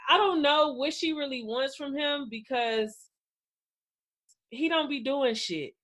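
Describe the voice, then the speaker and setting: A woman with a slightly high voice talks bluntly and playfully as a co-host. She swears freely and riffs on wordplay in a loose, casual chat. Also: unhurried, a bit bright. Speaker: podcast co-host. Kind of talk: casual chat recapping reality TV.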